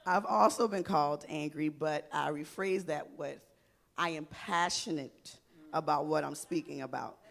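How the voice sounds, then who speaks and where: A woman's voice: low voice, a little slow, gravelly. A woman speaking as a guest on a panel talk show, passionate and emphatic. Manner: passionate, gestures while speaking.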